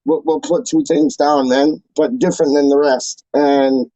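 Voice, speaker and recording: A man's voice: a little high, steady tone, unhurried, dark tone, no room sound, lo-fi sound. A man hosting a fan channel, talking in a casual, slangy and emotional way with many repeated exclamations.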